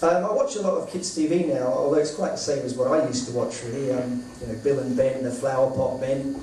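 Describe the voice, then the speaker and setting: A man doing stand-up one-liners on a comedy club stage, pausing often with ums and uhs. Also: medium pitch, warm tone. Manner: halting, with many ums and uhs. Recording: echoey club from far off, noisy. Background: audience laughter.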